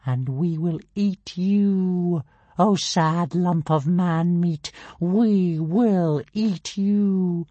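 A woman plays a minuscule male dragon who calls himself a living god, all squeaky grandeur and scorn. His voice sits very high and leaps about wildly, with a breathy edge. It is a bone-dry storybook reading. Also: animated, measured pace, a little mellow, dry recording, lo-fi sound. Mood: menacing chant. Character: tiny arrogant male dragon, pompous self-styled god. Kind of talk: audiobook character voice.

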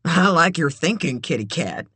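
Narrator voicing a smooth con man. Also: mid-range voice, expressive, normal speed, sharp tone, no echo. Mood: coaxing. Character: charming male con man, self-assured.

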